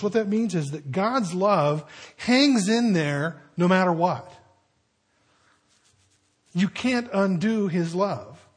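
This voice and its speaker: A man's voice: fairly high pitch, breathy edge. An older man, a pastor, preaching a sermon to his congregation with folksy storytelling and conversational asides.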